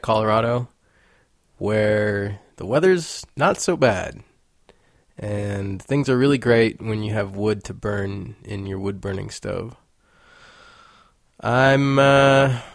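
A man's voice: mid-range voice, no room sound, studio quality. A young man hosting his own podcast, talking in a playful, rambling, joking way. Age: young adult. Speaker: podcast host. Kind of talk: casual monologue.

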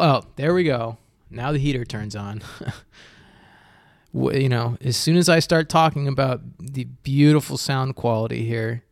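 A man's voice: on the high side, no echo, clean studio sound. A young man hosting a casual solo podcast from indoors at home, talking in a rambling, self-mocking way with frequent restarts. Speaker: podcast host. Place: indoors at home with a heater running.

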